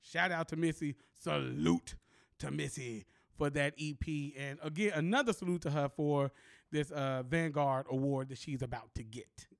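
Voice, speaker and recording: A man with a high-pitched voice hosts a casual chat show, relaxed and slangy, laughing between thoughts. The sound is dry and close, with no room around him. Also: moderate pace, creaky, no echo. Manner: laughs often, slangy and animated. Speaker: podcast host.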